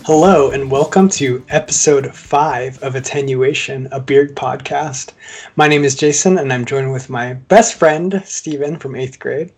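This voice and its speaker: A man hosting a casual podcast about beer, easygoing and quick to laugh. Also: medium pitch, steady tone, husky, soft background music. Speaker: podcast host. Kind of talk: casual chat.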